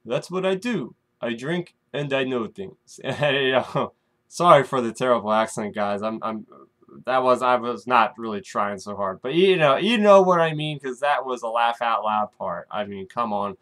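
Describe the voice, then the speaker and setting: A man talks casually to his viewers as host of his own weekly recap show. He speculates freely and keeps calling out "guys" between points. His voice sits at an average pitch. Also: lively intonation, moderate pace, a bit bright. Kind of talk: casual chat to the camera.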